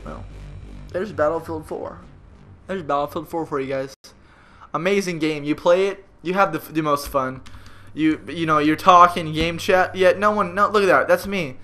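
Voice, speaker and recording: A young man commenting on his own gameplay in an exasperated, frustrated rant with sudden loud outbursts, talking into a gaming headset at home. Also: a little high, normal speed, faint music behind. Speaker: gamer.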